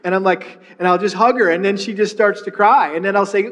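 A middle-aged man preaching a sermon, telling a personal story with lively retellings and frequent restarts. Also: sits high, a little fast, long reverb tail. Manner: storytelling, animated, with many restarts. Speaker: pastor.

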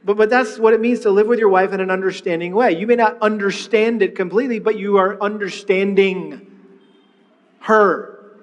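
A middle-aged man preaching a sermon, telling a personal story with lively retellings and frequent restarts. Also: sits high, normal speed, long reverb tail, dull audio. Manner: storytelling, animated, with many restarts. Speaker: pastor.

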